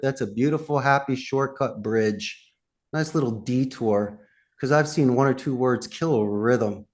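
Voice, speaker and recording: An American man, a guest telemarketing trainer in a podcast interview, coaching in a punchy way with lots of rhetorical questions and slowing down to stress key points. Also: mid-range voice. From United States.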